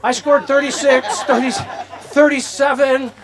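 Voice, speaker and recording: A man's voice: extremely high pitch, flat delivery, a little slow, a crowd in the background. An older man giving an anecdotal acceptance speech at an outdoor ceremony, rambling through stories and acting out the dialogue. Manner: rambling storyteller who acts out dialogue. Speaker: hall of fame inductee giving a speech. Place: outdoor ceremony at a disc golf course.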